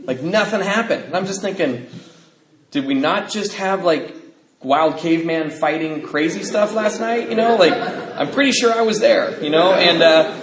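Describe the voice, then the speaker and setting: A middle-aged man speaking at a recovery convention, telling his own story in an animated way and acting out family members. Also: high voice, normal speed, a crowd in the background. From United States. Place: convention hall. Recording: echoey convention hall.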